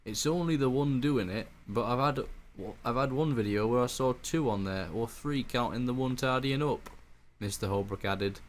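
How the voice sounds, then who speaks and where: A man's voice: medium pitch, moderate pace, few pauses, a little hiss or hum. A man, co-hosting a casual podcast, reading a news story aloud and swearing freely between laughs. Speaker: podcast co-host.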